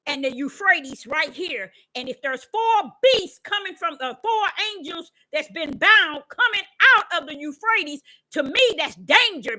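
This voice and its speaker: A fervent woman delivering a rambling preaching monologue in a high, bright voice. Her pitch leaps all over the place, and she swings from hushed asides to outright shouts. She stammers and restarts as she goes. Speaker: self-styled prophetess.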